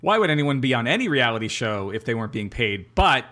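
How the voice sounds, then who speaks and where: A man's voice: mid-range voice, big pitch swings, fast, pushed and bright. A man co-hosting a casual podcast chat, playful and prone to stammering restarts. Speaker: podcast co-host.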